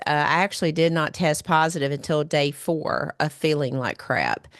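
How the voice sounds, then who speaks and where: A woman's voice: sits low, no echo, clean studio sound. A woman hosting a podcast, nasal and stuffy from a recent illness, rambling with many fillers. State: nasal, recovering from a cold. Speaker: podcast host. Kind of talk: casual podcast monologue.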